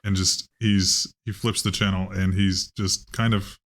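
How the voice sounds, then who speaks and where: Casual low-voiced male game master. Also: little pitch movement, a little slow, a bit bright. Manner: casual and loose, with swearing. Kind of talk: running a tabletop game.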